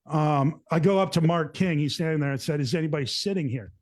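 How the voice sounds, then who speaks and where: Animated rambling man, higher voice. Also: quick pace. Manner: rambling, animated, acts out quotes. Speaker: show host. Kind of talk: casual storytelling to co-hosts.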